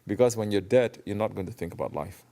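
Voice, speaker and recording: Low gravelly man giving a Sufi talk. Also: quick pace, dark tone. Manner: conversational, asks listeners questions, searches for words. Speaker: Sufi teacher. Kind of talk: sermon.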